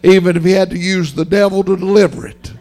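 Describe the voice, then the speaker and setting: A man doing a joyful older woman who shouts her praise to the Lord. The voice is high and gravelly, and her speech is quick and fervent. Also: level tone, soft background music. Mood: rejoicing. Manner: fervent, rejoicing.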